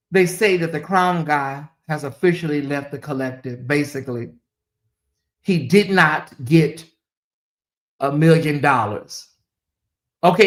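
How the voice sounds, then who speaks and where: A woman hosts her own commentary stream, talking loosely and casually in an animated way. She swings from low murmurs to loud, emphatic outbursts and often repeats herself and her questions, as if thinking aloud to her viewers.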